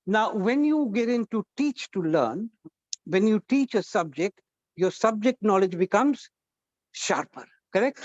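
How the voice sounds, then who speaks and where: A man's voice: high-pitched, no echo, lo-fi sound. A man leading a college workshop, coaxing students and firing questions at the class. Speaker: guest trainer at a college workshop. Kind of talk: interactive classroom talk.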